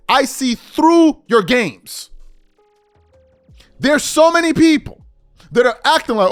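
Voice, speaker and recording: A man's voice: extremely high pitch, lively intonation, normal speed, long pauses. A man hosting a sports commentary channel, delivering an indignant, mocking rant and mimicking people he quotes. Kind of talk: ranting sports commentary monologue. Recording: faint music bed behind voice.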